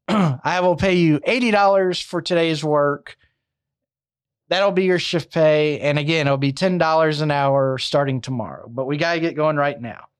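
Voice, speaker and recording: A man's voice: a little high, unhurried, clean tone, natural voice. A man quoting a friendly-seeming male recruiter who turns curt when crossed, in a casual retelling. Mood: coaxing.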